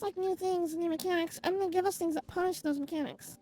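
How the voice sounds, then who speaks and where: A woman live-streaming a game, chatting casually and complaining out loud about it. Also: very high voice, fairly even intonation, quick pace. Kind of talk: casual live-stream chat while gaming.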